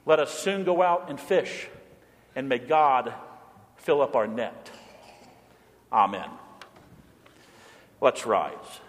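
A male pastor preaching a sermon in a church, animated, acting out quotes and rising to near shouts. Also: medium pitch, slow pace, long pauses. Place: church sanctuary. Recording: long hall reverb.

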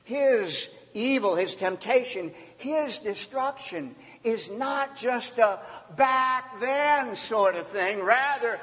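Male pastor, measured, deliberate sermon delivery with emphatic loud-to-hushed swings, long hall reverb. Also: high voice.

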